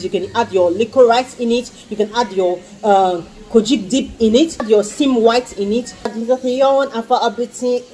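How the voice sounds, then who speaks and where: A woman's voice: mid-range voice, warm tone, rough recording. A woman reviewing skincare products in a casual vlog, gushing and repeating her exclamations and pleas. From Nigeria. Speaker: skincare vlogger.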